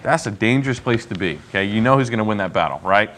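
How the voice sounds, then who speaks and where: Man, Bible class teacher, casual, animated, joking, asks questions. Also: lowish voice, fast.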